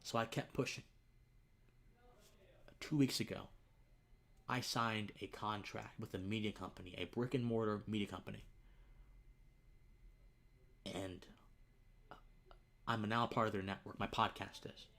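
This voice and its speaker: A man's voice: lowish voice, steady tone, unhurried, vocal fry, pauses often, fairly bright tone. Emotional young man telling his story. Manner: earnest, emotional, voice dropping to near whispers. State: choked up, tearful. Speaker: livestream host. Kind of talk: emotional personal story on a livestream.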